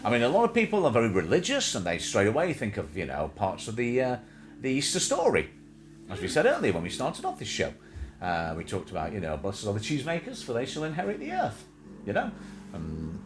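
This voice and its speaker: A man's voice: lowish voice, wildly swooping pitch, fast. Rambling, jokey man on a live stream. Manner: rambling, jokey, talks to pets and viewers. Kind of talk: casual chat. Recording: noisy home stream audio.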